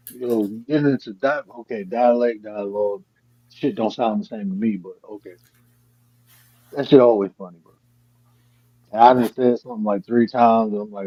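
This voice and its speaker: Husky guy chatting loose on a stream, swears a lot, laughs thru stories, dull lo-fi sound. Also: mid-range voice, moderate pace, pauses often, no echo. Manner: laid-back, profane, laughs through stories. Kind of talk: casual chat.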